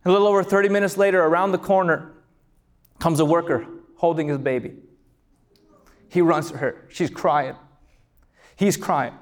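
A man preaching a sermon as pastor, passionate and building to shouts on key lines. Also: fairly high pitch, normal speed, long pauses. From California.

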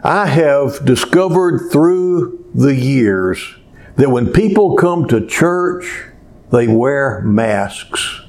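Slow-spoken man preaching a sermon. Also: medium pitch, expressive, darkish tone. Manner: slow, measured preaching with rising emphasis. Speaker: pastor. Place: small church.

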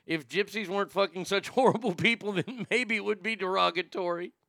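A man's voice: high voice, brisk, gravelly, fairly bright tone, no echo. A man co-hosting a podcast, rambling through news stories in crude, profane, casual commentary. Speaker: podcast co-host.

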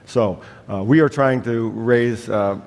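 A man's voice: mid-range voice, takes it slowly, a little mellow. A man preaching a sermon as a pastor, telling a family story with humor and a slight cough. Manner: storytelling with humor, acting out voices in a family anecdote. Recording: long hall reverb.

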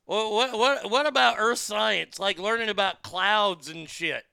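A man's voice: high-pitched, a little slow, creaky, bright, forceful tone, smooth, no room sound. A man hosting a show, reading news aloud and mocking it with crude, profane jokes and laughter. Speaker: show host. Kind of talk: crude comedic commentary.

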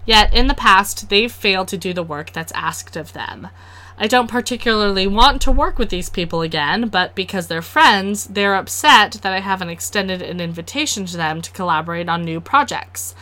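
A woman's voice: medium pitch, normal speed, pushed and bright. A woman co-hosting a friendship podcast, chatting casually, joking around and reading listener letters aloud. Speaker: podcast co-host. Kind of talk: casual chat.

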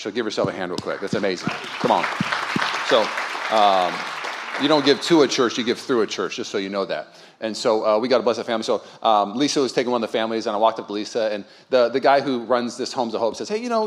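A male pastor giving a sermon in a loose, conversational way, telling stories with quiet asides and rising to loud, emphatic points. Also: on the low side. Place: church sanctuary.

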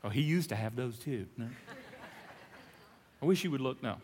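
A man preaching a sermon as pastor, animated and playful, swinging between loud emphasis and hushed lines. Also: medium pitch, moderate pace, long pauses, in a large hall, a little hiss or hum. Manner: playful, jokey asides.

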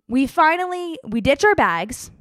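A young woman telling a travel story in a casual, animated, exaggerated way. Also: sits high, unhurried, dry recording, clean studio sound.

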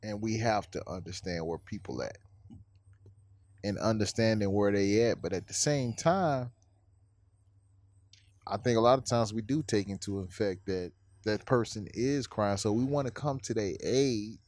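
A man's voice: fairly low pitch, unhurried, a little mellow, no room sound. A man, talking casually, asking probing questions and often calling his friend "bro". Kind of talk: casual conversation.

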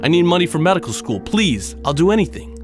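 A man's voice: on the high side, animated, fast, music in the background, voice pushed up, lightly acted. A man voicing a nervous, eager young male medical student with a pleading, jittery manner.

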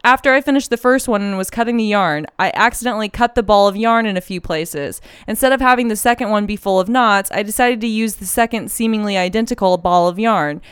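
A woman's voice: mid-range voice, fast talker, hardly any pauses, smooth, dry recording, studio quality. Effusive woman reading listener mail. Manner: effusive, reads listener mail aloud, tearful when moved. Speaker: podcast co-host. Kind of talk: casual chat. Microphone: handheld mic.

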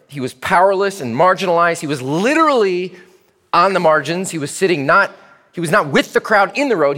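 A man preaching a sermon in church as pastor, animated and speaking directly to the children. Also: a little high, long reverb tail.

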